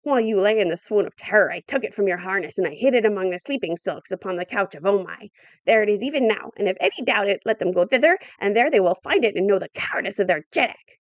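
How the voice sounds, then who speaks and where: A woman reading an audiobook, voicing an ancient old man with a thin, cracked, shrill voice. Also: lively intonation, fast talker, dry recording, close to an everyday voice. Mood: accusing.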